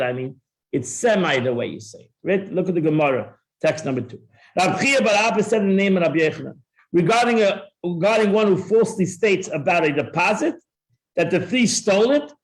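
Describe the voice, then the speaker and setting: A man teaching a Torah class, acting out both sides of a dispute and often repeating himself as he explains. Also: high-pitched. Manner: repeats words and restarts often. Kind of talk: classroom Talmud lesson.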